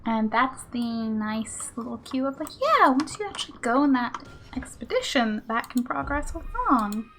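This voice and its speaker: A woman's voice: a little high, lively intonation, normal speed, fairly bright tone, a little hiss or hum. A woman streaming a video game, joking casually and slipping into whispered asides. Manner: playful, jokey, drops into whispered asides. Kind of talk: casual gameplay commentary. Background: game music.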